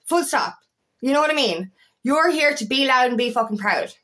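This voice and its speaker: Impassioned, swearing woman with a slightly high voice. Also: animated, moderate pace, a bit bright. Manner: emphatic and heavily profane, with insistent repetition. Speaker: feminine empowerment coach. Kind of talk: impassioned motivational vlog monologue.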